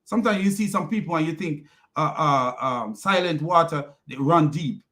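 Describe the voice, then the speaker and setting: An online commentator rants casually in a heated, mocking way, laughing often and repeating himself. His voice runs on the high side, animated and pushed, bright, at a moderate pace.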